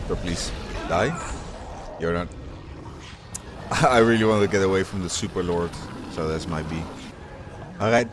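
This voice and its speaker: A man's voice: low voice, moderate pace, long pauses. A man commentating his video game playthrough, swearing often and getting frustrated as he fights. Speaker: gaming YouTuber. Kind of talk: let's play commentary. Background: video game music.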